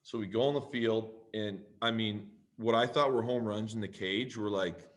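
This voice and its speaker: Man telling a story, animated. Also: on the low side, moderate pace. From Canada. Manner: animated, profane, acts out both sides of conversations. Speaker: podcast guest, pro football player. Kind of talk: casual storytelling.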